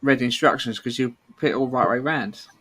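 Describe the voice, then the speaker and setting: A man's voice: medium pitch, fairly quick, sharp tone, slightly rough. A man chatting on a live build stream, encouraging the builder and reading out steps. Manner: encouraging, gives build instructions. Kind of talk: casual chat.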